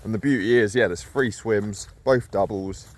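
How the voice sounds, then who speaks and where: A man's voice: fairly low pitch, moderate pace. A man, chatting casually and a bit breathlessly as he walks a lakeside for his fishing vlog. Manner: chatty and self-deprecating, rambling asides. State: slightly out of breath while walking. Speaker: carp fishing vlogger. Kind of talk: casual walk-and-talk vlog. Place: outdoors by a lake.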